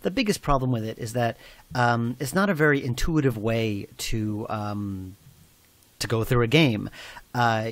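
A man's voice: medium pitch, no echo. Man giving thoughtful game commentary. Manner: thoughtful, many fillers and restarts. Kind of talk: commentary track, casual explanation.

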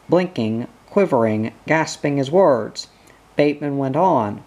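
Unhurried audiobook reader. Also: mid-range voice, expressive, darkish tone. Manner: measured, unhurried reading. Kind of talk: slow literary narration.

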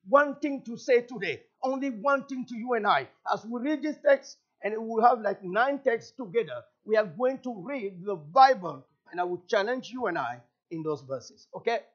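A man from Cameroon with a Cameroonian French accent, whose first language is French, preaching a fervent sermon as a guest pastor, repeating phrases and rising to shouts. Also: extremely high pitch, lively intonation, normal speed, few pauses, dull audio.

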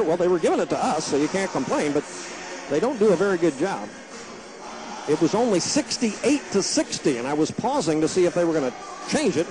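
Excitable high-voiced male basketball announcer. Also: low-quality recording. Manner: excitable, jumps sharply higher on big plays; chatty asides between plays. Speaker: radio play-by-play announcer. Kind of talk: basketball play-by-play commentary.

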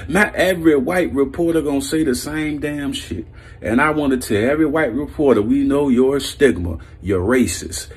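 A man's voice: medium pitch, lively intonation, normal speed, darkish tone, slightly rough. A man giving a blunt, heated, profane sports opinion rant as a vlog host, breaking into laughs. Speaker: sports commentary vlogger.

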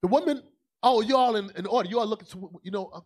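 A man with a fairly high voice preaching a sermon. He talks in a loose, colloquial way and leans hard on his points. He drops into quiet asides, then climbs back up to shouting. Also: fast.

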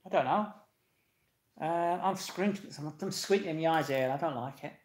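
A man hosts a casual live stream, reading comments and greeting viewers by name with loud, laughing cheer. His voice sits a little high. The room around him is echoey. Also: normal speed.

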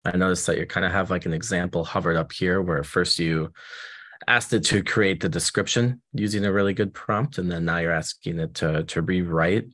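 A man's voice: deep voice, steady tone, moderate pace, fairly bright tone. A man relaying audience questions in a webinar, asking hesitantly with many fillers. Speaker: moderator relaying chat questions.

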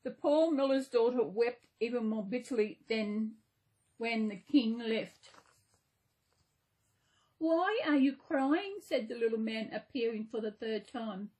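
A woman host reading a fairy tale aloud in a gentle, unhurried way, with small slips now and then. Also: on the high side, steady tone. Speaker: channel host reading a story.

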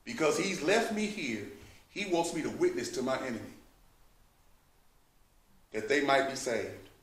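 A man's voice: medium pitch, expressive, measured pace, a bit bright. A man teaching a Bible study, speaking in an emphatic, fervent preaching manner. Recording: echoey room, mic at a distance.

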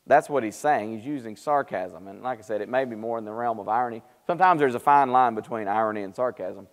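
A man teaching a Bible class, casual and conversational, who livens up when he acts out what people said. His voice sits at an ordinary middle pitch. It rings with the long reverb of a church hall on a live stream. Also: fast. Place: church auditorium.

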